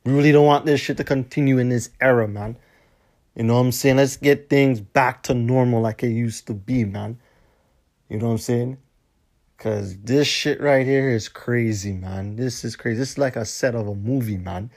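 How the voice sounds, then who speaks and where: The host's medium-pitched, slightly mellow voice moves at a moderate pace through a casual solo monologue. He sounds tired and yawns, cursing plenty and adding "man" to his lines in a drowsy, laid-back way.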